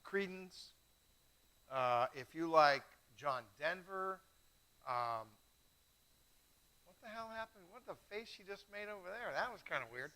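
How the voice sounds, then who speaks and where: A middle-aged man hosting a live wine tasting, chatty and self-mocking, telling animated stories. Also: high-pitched, unhurried, long pauses, poor audio. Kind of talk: casual live-stream chat.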